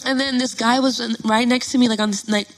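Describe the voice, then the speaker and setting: A woman performer telling a story in casual chat, animated and swearing freely, with many restarts. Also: fairly high pitch, quick pace, rough recording. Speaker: guest performer.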